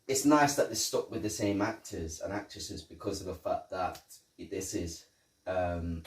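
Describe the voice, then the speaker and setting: A man's voice: low-pitched, expressive, moderate pace. A man co-hosting a podcast, chatting casually about a film, laid-back and agreeing. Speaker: podcast co-host. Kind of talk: casual film review chat. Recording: roomy echo, distant mic, faint noise.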